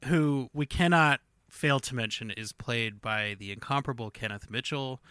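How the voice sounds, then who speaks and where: Bright-voiced enthusiastic man. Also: medium pitch, normal speed, smooth, no echo, studio quality. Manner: enthusiastic, fond of hedging "like". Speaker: podcast co-host. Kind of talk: casual chat.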